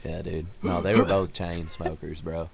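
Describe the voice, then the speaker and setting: A man with a Southern US accent, chatting casually as a podcast guest, laid-back and quick to laugh. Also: low voice, little pitch movement, vocal fry, background noise. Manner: laid-back, says "dude" often, laughs easily. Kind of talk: casual chat.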